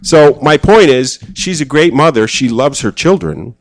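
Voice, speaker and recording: A man speaking at a church gathering in a relaxed, conversational sermon style, telling personal stories with self-deprecating humor. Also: mid-range voice, a little slow. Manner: casual, self-deprecating, acts out quoted voices.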